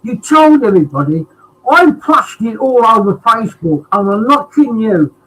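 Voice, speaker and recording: A man's voice: high voice, sing-song, normal speed, fairly bright tone, husky, poor audio. A man chatting as a guest on a live stream. He rambles and fills his talk with ums and uhs. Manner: rambling with many fillers. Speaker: chat guest. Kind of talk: casual live-stream chat.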